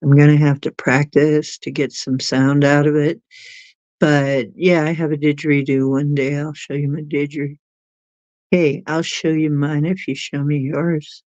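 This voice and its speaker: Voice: medium pitch, flat delivery, measured pace, darkish tone, dry recording. An easygoing livestream host talks unhurriedly with viewers and giggles often. The sound is dull and lo-fi, with a dry, close feel and little room. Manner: giggly, chatty, laughs often. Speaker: livestream host reading chat. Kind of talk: casual chat with viewers.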